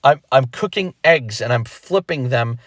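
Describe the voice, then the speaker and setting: A young man talks straight to the camera in a casual vlog, animated and emphatic, circling back to repeat his points. His voice sits in the ordinary middle range for a man. The sound is close and dry, with no room around it. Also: medium pitch, no room sound. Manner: animated, emphatic, repeats himself, acts out quick imagined thoughts. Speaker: rapper explaining his retirement.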